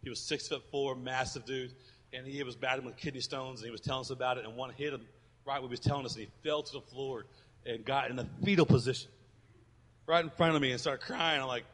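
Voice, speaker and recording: Bright-voiced preaching man in a hall. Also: medium pitch, steady tone, fast talker. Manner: emphatic, swings from loud to hushed. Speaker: pastor. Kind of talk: sermon.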